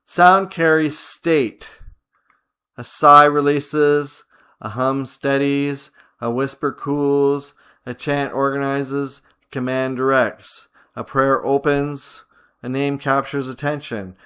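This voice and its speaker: A man teaching a guided visualization, giving slow, measured commands and repeating short phrases like a chant. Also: mid-range voice, fairly even intonation, sharp tone, smooth. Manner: slow, repetitive, chant-like incantations. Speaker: spiritual teacher.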